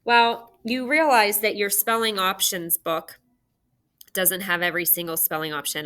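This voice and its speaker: A woman's voice: lowish voice, bright, forceful tone. A woman teacher giving a recorded phonics lesson to young children, patiently sounding out syllables and asking questions.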